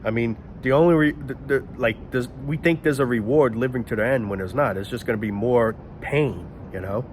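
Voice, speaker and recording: Outdoors near planes and traffic, a medium-pitched man talks fairly quickly in a rambling, casual monologue, with a little hiss or hum present. He keeps stopping to hunt aloud for words.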